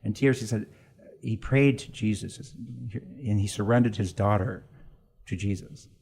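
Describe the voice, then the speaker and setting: A middle-aged man from Canada, a priest, telling an emotional family story in a halting way with bursts of laughter. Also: fairly low pitch, a little mellow, slightly rough. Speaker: priest guest. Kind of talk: personal storytelling interview.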